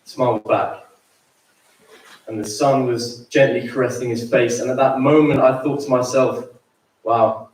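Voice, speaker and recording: A man giving a gentle, hesitant eulogy at a memorial, telling a personal story about his friend. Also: medium pitch, fairly even intonation, a little slow, pauses often. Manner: gentle, hesitant, with fillers and repeats. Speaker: memorial speaker. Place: large school dining hall. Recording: very echoey hall, mic far off.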